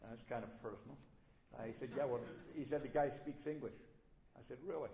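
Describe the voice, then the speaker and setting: A man's voice: mid-range voice, quick pace, dark tone, a little hiss or hum. An older man giving a plainspoken after-dinner speech, telling a war story with dry humor. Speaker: guest speaker. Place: banquet hall. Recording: roomy hall sound.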